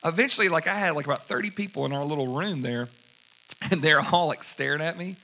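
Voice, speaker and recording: Animated pastor telling a sermon story, bright and somewhat high-pitched. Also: male voice, quick pace. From United States. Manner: animated, acts out quoted dialogue.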